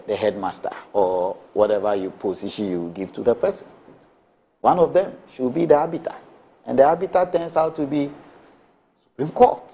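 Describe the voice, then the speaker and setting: A man's voice: fairly high pitch, a little mellow. A man, a panelist on a morning talk show, arguing emphatically with repeated rhetorical questions. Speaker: political panelist. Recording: dull lo-fi broadcast sound.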